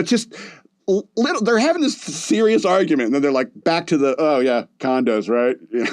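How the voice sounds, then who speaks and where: A man's voice: medium pitch, a little mellow, no room sound. A man with a mid-range voice hosts a casual podcast and rambles through a movie review, full of "like" and "uh" and restarts. His voice sounds close and dry, with no room around it. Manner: rambling, loose delivery with many fillers and restarts. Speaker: podcast host.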